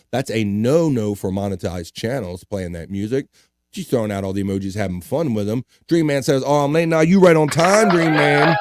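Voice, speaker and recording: Livestream host guy, mid pitch, reads chat, gets loud and hyped on donations, dry close sound. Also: no room sound. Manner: animated, hypes up donations, jokes crudely. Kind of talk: casual livestream chat reading viewer comments.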